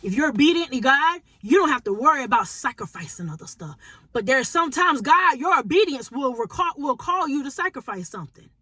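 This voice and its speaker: High-voiced woman preaching informally. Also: sing-song, a little fast, bright, forceful tone, no room sound. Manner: conversational, emphatic, repeats phrases for emphasis. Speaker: prophetic teacher.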